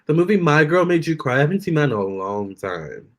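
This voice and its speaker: A man's voice: a little high, fairly quick. Chatty man on a live stream. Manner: chatty and expressive, addresses viewers directly. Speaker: live-stream tarot reader. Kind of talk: casual live-stream chat with viewers.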